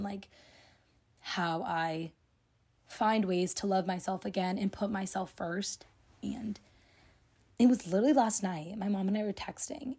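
Husky young woman hosting a podcast. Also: mid-range voice, a little mellow. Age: young adult. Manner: chatty, lots of "like" and "you know". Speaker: podcast host. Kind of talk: casual solo podcast talk.

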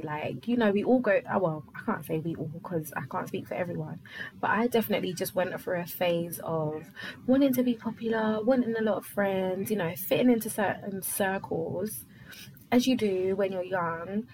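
A young woman from London talks alone into the mic, loose and rambling, dropping fillers and laughing easily. Her voice sits at an ordinary middle pitch, with a faint hiss of noise under it. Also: darkish tone, low-quality recording. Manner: chatty, rambling, many fillers, quick laughs. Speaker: podcast host. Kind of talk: casual solo chat.

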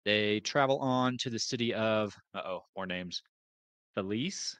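A man's voice: fairly low pitch, a little slow, fairly bright tone, clean tone, no room sound. A man co-hosting a podcast, casually summarizing book chapters and hesitating over unfamiliar names. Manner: hesitant, restarts, unsure of names. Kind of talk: casual chat.

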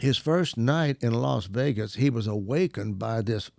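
A man's voice: mid-range voice, measured pace, creaky, dry recording, studio quality. A man casually telling a story, acting out the people in it and laughing often. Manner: animated, acts out quoted voices, laughs often. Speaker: guest storyteller.

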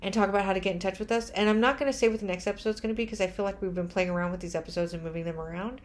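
A woman hosts a podcast in loose, casual chat. She sounds tired and punch-drunk, rambling a little and laughing at herself. Her voice sits at an ordinary middle pitch for a woman. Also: fairly even intonation, very fast, slight background noise. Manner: rambling, self-deprecating, laughing often. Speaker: podcast host.

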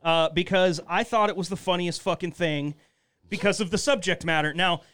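A man's voice: high voice, moderate pace, fairly bright tone, clear, resonant tone. A man hosting a podcast, chatting loosely with some swearing as he sets up a clip. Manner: casual, profane, setting up a clip. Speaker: podcast host. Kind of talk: casual chat.

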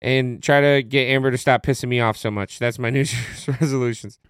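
A man's voice: mid-range voice, steady tone, a little fast, smooth, no room sound, studio quality. A man co-hosting a podcast in casual chat, blunt and jokey with lots of swearing. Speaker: podcast co-host.

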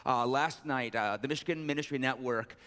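A pastor preaches a sermon in a large church sanctuary, joking with the congregation between scripture readings and raising his pitch as he reads the verses. His voice is brisk and a bit bright, and a long hall reverb fills the recording.

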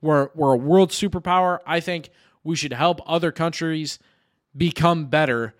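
A mid-twenties man co-hosting a casual podcast, his voice sitting a little high for a man. He rambles, swears freely and restarts his words as he thinks aloud. The sound is dry and close, with no room around it. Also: normal speed, dry recording. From United States. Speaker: podcast co-host.

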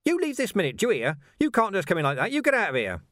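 A man's voice: high voice, huge pitch swings, racing, a bit bright, dry recording, clean studio sound, voice pushed up, heavily acted. A man voicing a nervous elderly butler who scolds in a raised, quavering voice, for an audiobook. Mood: indignant.

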